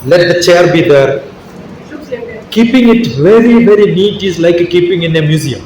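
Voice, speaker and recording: A high-voiced man gives a motivational talk to a room of teachers, forever tossing questions back at the audience. He is heard from a distance, his voice ringing around a large, very echoey hall, with a faint hum of room noise underneath. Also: expressive, moderate pace, darkish tone. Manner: rhetorical, keeps asking the audience questions. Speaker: speaker at a teachers' workshop.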